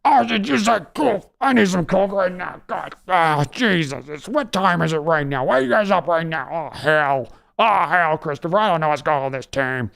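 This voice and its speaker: A man doing a comedic impression of a grumbling, fed-up, gravelly older man who sounds out of breath. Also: on the high side, lively intonation, normal speed, few pauses, fairly bright tone. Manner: out of breath, groaning.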